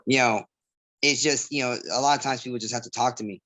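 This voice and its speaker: A man's voice: mid-range voice, steady tone, fast, sharp tone. A man, chatting casually as an interview guest and rambling through stories. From Southgate, California. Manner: rambling, storytelling with imitated voices. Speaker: MMA fighter guest.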